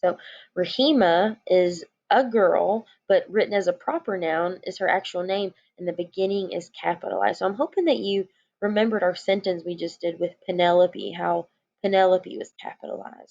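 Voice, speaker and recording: A woman's voice: lowish voice, expressive, moderate pace, vocal fry, a little mellow, lo-fi sound. A woman teacher giving a recorded lesson to young children, explaining patiently.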